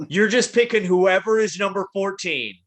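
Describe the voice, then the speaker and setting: Man, podcast host, bright tense voice, a bit high, runs the round of picks. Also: moderate pace. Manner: leads the talk, calls on each co-host. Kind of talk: casual wrestling prediction chat.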